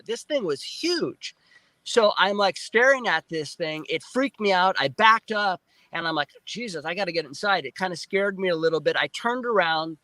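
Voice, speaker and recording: A man telling a story as a guest, excitable and animated, acting out sounds and quoting himself. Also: sits high, dry recording. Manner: excitable, acts out sounds and quotes.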